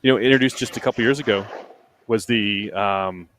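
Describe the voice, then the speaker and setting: Emphatic male race commentator, low voice. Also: normal speed, a bit bright, a little hiss or hum. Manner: emphatic, repetitive, chatty. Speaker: race commentator and podcast host.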